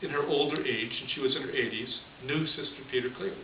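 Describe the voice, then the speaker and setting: Chuckling priest in an echoey room. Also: male voice, mid-range voice, fast. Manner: conversational, chuckles often. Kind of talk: storytelling homily. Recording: distant echoey lo-fi room recording with hiss.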